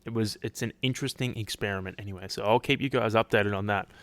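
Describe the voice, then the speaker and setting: A man's voice: on the low side, fast, fairly bright tone, no echo. Laid-back podcast guy, rambling. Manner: rambling, swears casually, many restarts. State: dry throat. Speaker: podcast host. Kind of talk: casual solo podcast chat.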